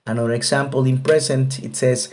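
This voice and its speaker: Patient, mellow-voiced male English teacher. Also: mid-range voice, steady tone, a little fast. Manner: patient, repetitive explanation with frequent fillers. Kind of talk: grammar lesson explanation.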